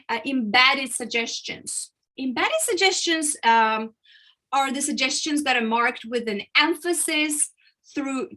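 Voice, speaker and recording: Bright high-voiced woman coaching speakers. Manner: explanatory, emphatic, uses vocal variety and pauses. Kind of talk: online training session.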